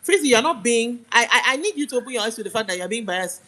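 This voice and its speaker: Her voice fairly high, animated and fast, a young Nigerian woman with a Nigerian accent goes on an emphatic, argumentative live-stream rant, pounding her points home against background noise.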